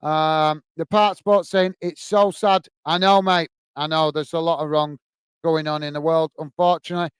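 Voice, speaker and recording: A man's voice: fairly high pitch, fairly even intonation, normal speed, clean tone, no room sound. An English man hosting a live stream, reading out chat messages and chatting casually, calling viewers mate. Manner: chatty, apologetic, says mate often.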